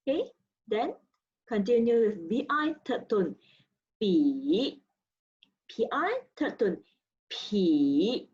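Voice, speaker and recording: A woman's voice: a little high, a little mellow, highs cut off. A woman teaching Mandarin pronunciation, drawing out syllables with their tone contours and explaining in simple, slightly non-native English. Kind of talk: slow pronunciation lesson.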